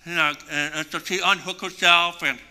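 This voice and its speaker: A male pastor preaching a sermon and telling a story with animated swings between hushed and loud delivery. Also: on the high side, moderate pace, smooth. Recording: long reverb in a large hall.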